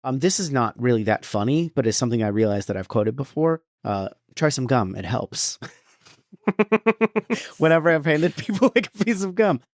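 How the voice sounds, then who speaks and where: A man co-hosting a film podcast in casual chat, animated and quick to act out lines. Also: on the high side, no room sound, clean studio sound. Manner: animated, quotes film lines in big voices. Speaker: podcast co-host.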